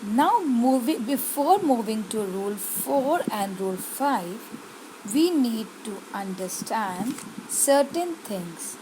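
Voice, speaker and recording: Slow, deliberate woman teacher. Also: fairly high pitch, lively intonation, noisy background. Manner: slow, deliberate, repeats words and asks pupils questions. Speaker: English teacher. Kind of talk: slow explanatory grammar lesson.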